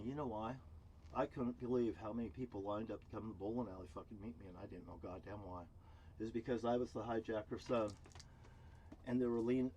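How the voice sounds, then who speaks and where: Heated and cursing constantly, a vlogger rants angrily to camera outdoors near a cruise ship terminal. He alternates between loud bursts and low muttering, and there's slight background noise.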